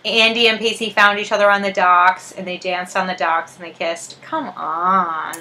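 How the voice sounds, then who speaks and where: A woman's voice: medium pitch, flat delivery, normal speed, bright, forceful tone. A young woman co-hosting a podcast, chatting casually and animatedly, laughing often as she tells anecdotes. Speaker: podcast co-host. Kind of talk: casual chat.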